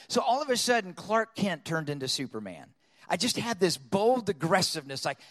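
Male storyteller preacher, high pitch, lively and dramatic delivery. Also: a little fast, in a large hall. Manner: animated storyteller acting out voices. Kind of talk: storytelling sermon.

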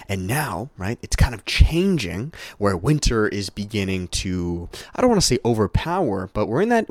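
A man's voice: on the low side, a little mellow, dry recording. A young man hosting a solo podcast, giving a hyped, swearing motivational pep talk and sounding a little heated. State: a little heated, catching his breath. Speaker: podcast host.

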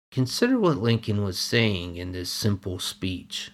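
Male preacher, low voice, very slow, measured and emphatic sermon delivery. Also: sing-song.

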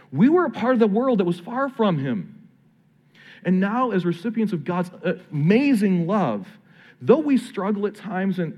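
A man preaching a sermon with a fairly high voice that swings widely in pitch. He speaks like a pastor addressing his congregation, conversational and earnest, slowing down to stress key phrases. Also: darkish tone.

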